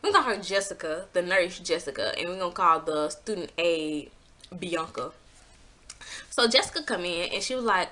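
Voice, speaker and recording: A woman telling a personal story in a casual vlog, animated and exasperated, swearing freely and acting out what people said. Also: normal speed. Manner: acts out quotes with pitch jumps.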